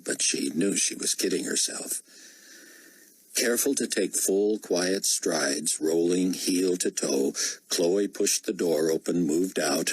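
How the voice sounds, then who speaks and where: A man reading an audiobook in steady, measured narration. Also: low-pitched, breathy edge, dry recording, rough recording. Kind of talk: scripted narration.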